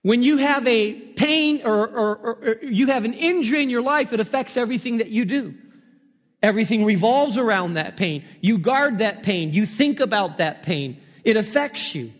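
A man with a high, light voice preaches from the pulpit and repeats his key lines to drive them home. He tells anecdotes between points in a sermon cadence. His voice rings out in a long, reverberant hall. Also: expressive, normal speed. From Spain. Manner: storytelling with emphatic repetition. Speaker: pastor.

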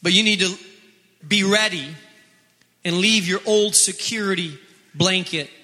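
High, bright-voiced man preaching in a hall. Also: a little slow. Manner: impassioned preaching, repeating phrases. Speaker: pastor. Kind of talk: sermon. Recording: long echo of a large hall.

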